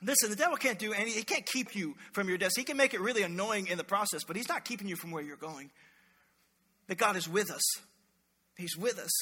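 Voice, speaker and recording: A man preaching a sermon as a pastor, telling stories with animated energy and acting out the voices he quotes. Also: high voice, fast, breathy edge, long reverb tail.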